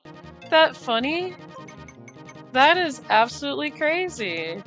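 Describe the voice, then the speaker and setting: A high-pitched woman chats with her viewers while she plays a racing game, laughing easily and greeting people by name. Faint game music plays underneath her talk. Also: big pitch swings, slow, a bit bright, poor audio. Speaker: streamer. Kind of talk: casual live-stream chat while gaming.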